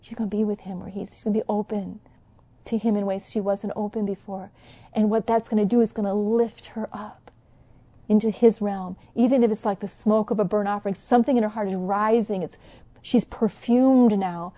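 A woman preaching a sermon, soft and musing at times and fervently exhorting at others. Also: medium pitch, fairly even intonation, moderate pace, dull audio.

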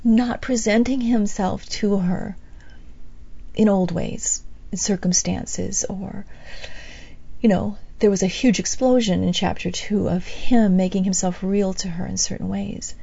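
A woman giving a sermon-style Bible teaching, animated, acting out the people she quotes and laughing between phrases. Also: mid-range voice, measured pace, creaky, husky. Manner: animated, acts out quoted speakers. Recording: dull, lo-fi, dry.

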